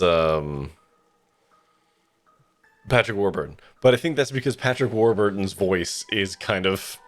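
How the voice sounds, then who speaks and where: A man streaming a game, chatting casually in a rambling way with lots of fillers. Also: on the low side. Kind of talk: casual let's-play commentary.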